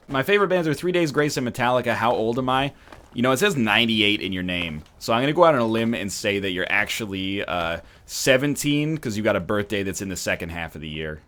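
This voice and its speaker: A man's voice: lowish voice, expressive, fast talker, fairly bright tone. A man riffing and joking sarcastically in casual stream chat. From Canada.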